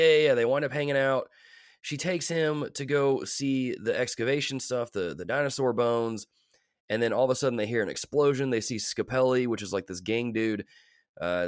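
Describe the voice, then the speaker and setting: A man co-hosting a casual movie review chat, talking haltingly with exasperated asides. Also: medium pitch, dry recording, clean studio sound. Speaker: podcast co-host.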